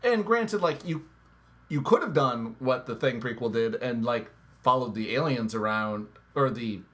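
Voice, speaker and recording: A man co-hosting a casual movie review chat, talking in halting bursts with many restarts and frequent laughs. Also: medium pitch, animated, a bit bright. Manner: halting, full of fillers and restarts, laughs often. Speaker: podcast co-host.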